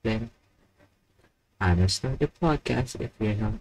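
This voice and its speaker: A man's voice: lowish voice, animated, a little slow, darkish tone, low-quality recording. A young man hosting a live stream alone, rambling and mocking himself while he waits for viewers. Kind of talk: casual solo live stream chat.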